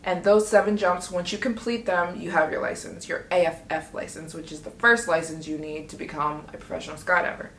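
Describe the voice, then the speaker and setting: A woman telling a story in a casual vlog, chatty and excitable, often acting out what she and others said. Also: fairly low pitch, a little fast, hardly any pauses, slight background noise. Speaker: travel vlogger. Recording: echoey room.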